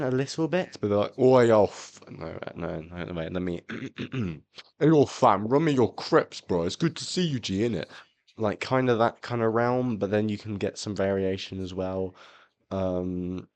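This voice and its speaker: Rambling young man, lowish voice. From England. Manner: rambling, animated, slips into impressions. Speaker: podcast co-host. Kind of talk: casual comedic chat.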